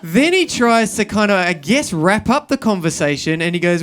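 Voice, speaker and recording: A middle-aged man with a New Zealand accent performs stand-up on a live stage, his voice sitting a little higher than most men's. He rambles through self-deprecating stories and acts out the scenes, sometimes jumping into a shout. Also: lively intonation, normal speed, few pauses, a little hiss or hum. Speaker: stand-up comedian. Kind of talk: stand-up storytelling. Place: stage at a live comedy show.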